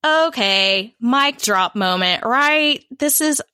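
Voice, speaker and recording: A woman's voice: a little high, animated, slow pace, bright, forceful tone, clear, resonant tone, no room sound, studio quality. A woman co-hosting a podcast, talking in an upbeat, enthusiastic way. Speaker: podcast co-host. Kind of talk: casual podcast talk.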